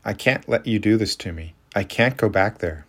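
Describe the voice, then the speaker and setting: A desperate, frightened man in his thirties pleads in a shaken voice, as an audiobook narrator reads his lines. The voice sits low. The delivery is the reader's plain tone, only lightly colored. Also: moderate pace, a bit bright. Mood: pleading. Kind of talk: audiobook character reading.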